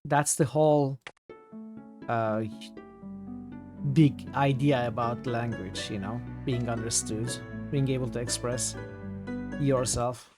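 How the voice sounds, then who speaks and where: Over music, a man with a steady, mid-range voice talks slowly, leaving long pauses. He's a native Turkish speaker with a Turkish accent offering laid-back gameplay commentary as he streams, musing aloud, reading chat and filling gaps with fillers.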